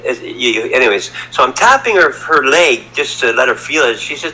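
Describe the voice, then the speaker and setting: A man's voice: mid-range voice, lively intonation, a little fast, hardly any pauses, bright, forceful tone, poor audio. A middle-aged man telling a story as a podcast guest, rambling and repeating words, from Canada. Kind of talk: casual storytelling. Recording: faint background ambience.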